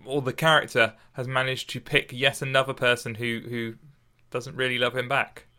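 A young man hosting a podcast, reading a sonnet slowly aloud and then chatting and joking animatedly about it. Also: mid-range voice, little pitch movement, pushed and bright, smooth. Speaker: podcast host. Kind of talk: casual chat and poetry reading.

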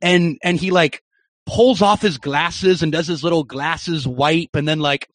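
A young man recounting a story with excitement as a guest on a soccer podcast. His voice sits a little higher than most men's. The sound is close and dry, with no room echo. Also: measured pace. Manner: animated, excited anecdote-telling.

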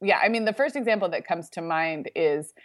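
A woman co-hosting a podcast, speaking thoughtfully about her children in casual chat, often pausing to find words. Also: fairly low pitch, no room sound, studio quality. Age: adult, mother of young children. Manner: thoughtful, many fillers and pauses. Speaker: podcast co-host.

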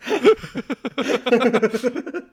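A man's voice: very high voice, lively intonation, drawn-out words, husky. A young man co-hosting a casual podcast, easygoing, laughing along and asking puzzled questions. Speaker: podcast co-host.

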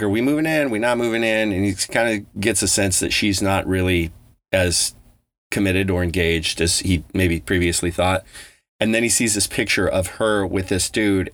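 Low-voiced man telling a story. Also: fairly bright tone. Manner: loose, profane, rambling with restarts. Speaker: podcast host. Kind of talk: casual storytelling.

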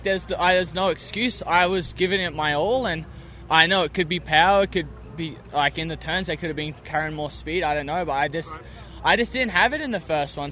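A man's voice: a little high, fairly bright tone, a little hiss or hum. A man with an Australian accent, a motocross racer talking in an upbeat, chatty way in a post-race interview outdoors at a race track.

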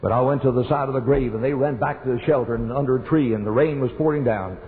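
An older man preaches, telling a personal story and pushing his voice up high for emphasis. The recording is thin and phone-like. A long reverb from the church hall trails behind each phrase. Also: quick pace, slight background noise. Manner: storytelling, emphatic rises in pitch. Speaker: pastor. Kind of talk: sermon.

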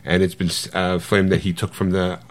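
A middle-aged man co-hosts a podcast and retells a movie in casual conversation, swearing and animatedly acting out other people's lines. His voice sits low, and he talks at normal speed.

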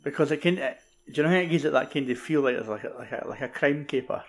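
A man's voice: a little high, rapid-fire, soft background music. A Scottish man co-hosting a podcast, chatting in laid-back, sweary banter. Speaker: podcast co-host. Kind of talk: casual chat.

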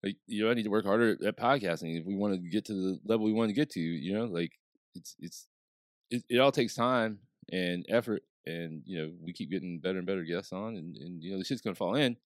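A man's voice: low voice, a little fast, no echo, studio quality. A man co-hosting a podcast in casual chat, laid-back and reflective. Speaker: podcast co-host.

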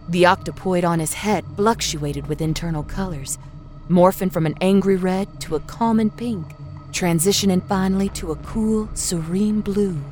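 Woman reading horror fiction, low voice. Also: a little mellow. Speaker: storyteller. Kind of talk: scripted horror story narration. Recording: narration over a faint music score.

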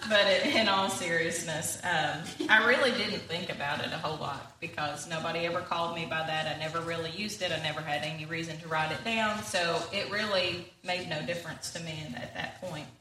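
A woman giving an informal talk in church, halting with many fillers and a self-deprecating humor. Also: fairly low pitch, bright, forceful tone, slight background noise. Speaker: church speaker. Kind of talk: sermon-style talk. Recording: echoey room, voice from a distance.

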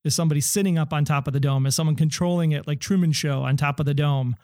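A man co-hosting a casual TV recap podcast, speculating in an animated way and sometimes quoting characters in put-on voices. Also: a little high, quick pace, no room sound, studio quality. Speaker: podcast co-host.

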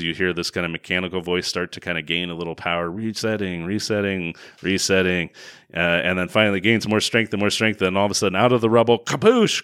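A man's voice: lowish voice, a bit bright, clean tone. A man co-hosting a casual movie review chat, sardonic and acting out the characters he quotes. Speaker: podcast co-host reviewing a film.

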